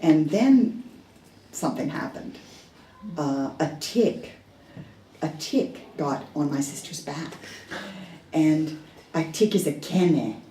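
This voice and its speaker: Low-voiced woman telling a story in an echoey room. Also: lively intonation, takes it slowly, long pauses, dark tone, slight background noise. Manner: candid, self-deprecating, with hesitant restarts. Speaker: dharma talk speaker. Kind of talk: personal storytelling in a dharma talk. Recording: echoey room heard from a distance.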